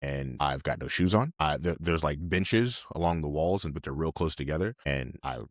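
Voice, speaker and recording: Low-pitched man, lively storyteller, dry close sound, thirties. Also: moderate pace, no echo. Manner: animated, acts out voices, laughs often. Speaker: podcast guest, army officer. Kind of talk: casual storytelling.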